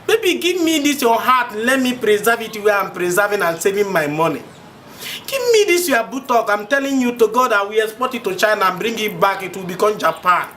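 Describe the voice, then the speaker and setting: A man's voice: high voice, lively intonation, brisk, pushed and bright. An actor with a Nigerian accent playing a boastful, pushy rich man who flirts in pidgin. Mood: coaxing. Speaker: wealthy suitor. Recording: roomy, from far off, faint hiss.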